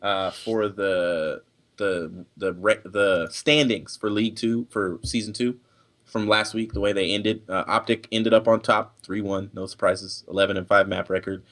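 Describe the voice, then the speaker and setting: Low-voiced young man hosting a stream. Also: fairly even intonation, a little slow, a bit bright. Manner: talkative, many fillers and restarts. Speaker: podcast host. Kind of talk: casual stream chat.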